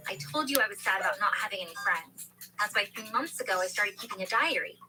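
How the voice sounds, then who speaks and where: A woman's voice: medium pitch, lively intonation, quick pace, music in the background. A woman narrating a first-person dramatic story in an earnest manner. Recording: noisy background hiss.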